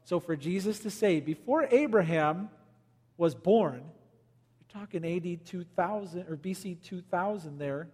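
A man preaching a sermon as pastor, swinging between loud emphasis and quiet, low lines. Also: lively intonation, unhurried, long reverb tail.

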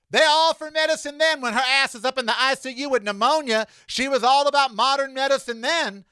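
A man's voice: extremely high pitch, a little fast, hardly any pauses, sharp tone, clean tone, dry recording, clean studio sound. A middle-aged man from the United States hosting a solo podcast, ranting with sass and camp, calling listeners honey and child. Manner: sassy, campy, calls listeners honey and child. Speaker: podcast host. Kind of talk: opinionated solo podcast rant.

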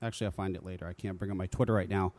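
A man's voice: sits low, steady tone, racing, darkish tone. A man hosting a talk radio show, ranting casually and swearing freely in an exasperated way.

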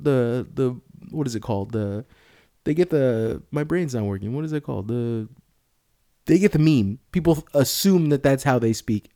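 A man from the Bay Area spins stories in casual chat, swearing and poking fun at himself. His pitch jumps around a lot as he talks. The sound is close and dry. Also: no echo. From San Francisco Bay Area. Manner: animated storyteller, profane, self-mocking.

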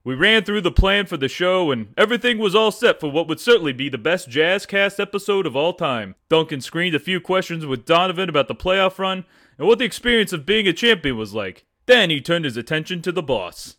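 A man's voice: on the high side, expressive, brisk, fairly bright tone. A man with a put-on New Jersey accent, reading a comic story aloud in a dramatic storytelling manner.

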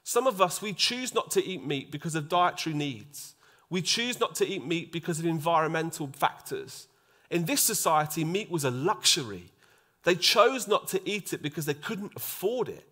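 A man preaching a sermon, acting out the voices in the story and dropping to a soft hush for emphasis. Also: fairly high pitch, moderate pace. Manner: animated, acts out quoted voices, drops to a soft hush for emphasis.

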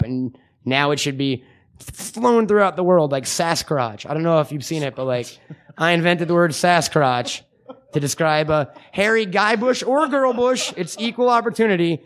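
A man with a slightly high voice co-hosts a podcast, riffing in loose comedic banter. He swears freely and jokes constantly, tossing in quick impressions of his friend. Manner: profane, joking, lively impressions. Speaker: podcast co-host.

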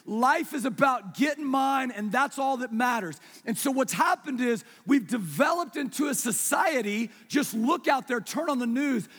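A man preaching with a strikingly high, husky voice. He talks to his congregation like a conversation, asking them questions and dropping to a near hush to make a point. His voice rings with the long reverb of a big church hall. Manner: conversational preaching, asks the congregation questions, drops soft for emphasis. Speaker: pastor. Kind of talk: sermon.

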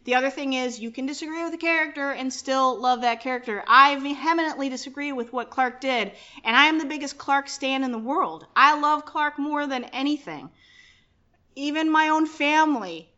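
Bright, lively woman podcast host. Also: high-pitched, normal speed. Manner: animated, laughs often, swears casually. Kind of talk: casual podcast chat. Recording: dull lo-fi podcast audio.

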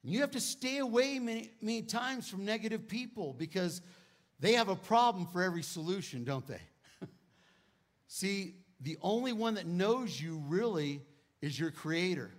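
A man in his fifties preaching a sermon to a church, telling a personal family story, swelling loud on key lines and dropping soft and low on sad parts. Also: expressive, moderate pace. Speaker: guest preacher. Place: church sanctuary.

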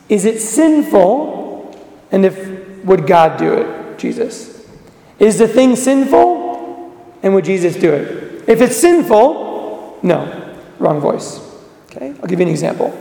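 A man delivers a sermon in a high, mellow voice with a gravelly edge. He urges his listeners earnestly and then drops to a hush. His voice rings through a large, echoing church. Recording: echoey church with long reverb.

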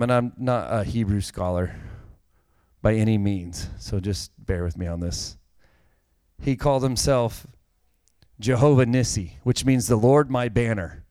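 A male pastor preaches in an easy, conversational way and often turns to the congregation with questions. His voice is smooth and clear and sits a bit high. The sound is dry, with no room echo. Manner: conversational, direct address to congregation. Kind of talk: sermon.

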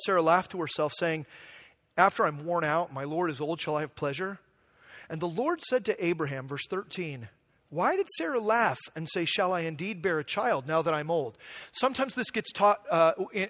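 A man's voice: high voice, a bit bright. A man preaching a conversational sermon, acting out quotes and building in intensity. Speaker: pastor.

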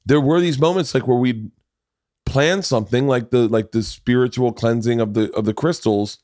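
A man hosting a podcast, telling animated, profane anecdotes and acting out what others said in casual chat. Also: medium pitch, moderate pace. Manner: animated anecdotes, acts out others' lines, swears freely. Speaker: podcast host.

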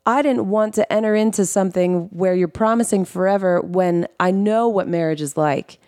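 A woman's voice: mid-range voice, dark tone, no room sound, clean studio sound. A woman as guest host on a podcast, telling her life story earnestly and emotionally, often correcting herself mid-sentence. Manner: earnest and emotional, with quick self-corrections and restarts. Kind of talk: candid personal storytelling on a podcast.

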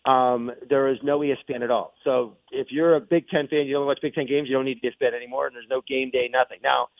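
A man hosting sports radio talk, excitable and rambling as he makes his points. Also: medium pitch, fast talker, creaky, dry recording. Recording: tinny phone-like broadcast audio.

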